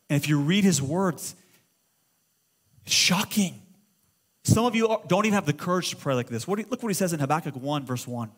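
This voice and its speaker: A middle-aged man preaching a sermon as pastor, impassioned and conversational, at times shouting. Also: a little high. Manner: impassioned preaching, swings to shouting when quoting prayers.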